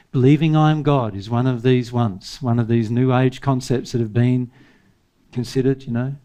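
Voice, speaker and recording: A man's voice: medium pitch, dark tone. A man giving a spiritual seminar talk in an emphatic way, firing off rhetorical questions and chuckling to himself. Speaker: spiritual teacher.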